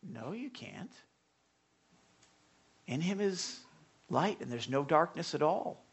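Slightly high and sing-song with a breathy edge, this man preaches a sermon in a conversational manner. He falters and restarts with repetitions, shifting from hushed asides to passionate bursts.

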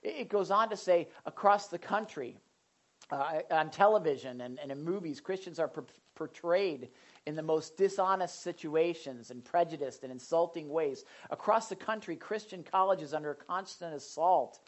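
A woman preaching an impassioned sermon, often repeating and restarting words as she builds to loud cries. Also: sits low, expressive, moderate pace, low-quality recording.

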